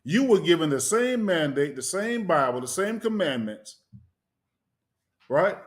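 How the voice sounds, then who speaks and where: A man's voice: on the high side, very animated, a little slow. A man preaching with rhetorical questions, pressing his listeners with "right?". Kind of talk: sermon.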